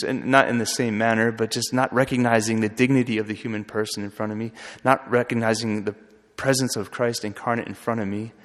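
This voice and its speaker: A man who is a friar, telling a story in an earnest, halting way with frequent restarts. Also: mid-range voice. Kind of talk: storytelling talk. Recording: long hall reverb.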